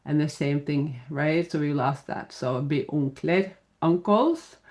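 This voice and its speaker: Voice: mid-range voice, unhurried, darkish tone. Patient grammar teacher. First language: Norwegian. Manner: patient and plain, spells out letters, many "uh" fillers. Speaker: Norwegian language teacher. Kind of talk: explaining a grammar lesson.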